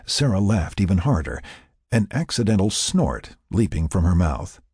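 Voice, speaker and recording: A man reading a story aloud as narrator, in expressive scripted narration. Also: low voice, moderate pace, husky, dry recording, clean studio sound. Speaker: audiobook narrator.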